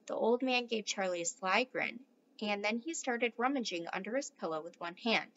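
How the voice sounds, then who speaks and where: A woman's voice: medium pitch, animated, moderate pace, dull audio. A woman, a teacher, reading a storybook aloud and speaking directly to her listeners in a friendly way. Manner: warm, friendly address to listeners.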